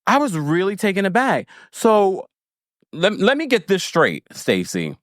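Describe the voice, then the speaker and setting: A man with a high voice hosts a podcast, unhurriedly recapping reality TV in a dry, clean studio recording. Casual, frank and big-brotherly, he's animated and playful, often laughing and going on asides.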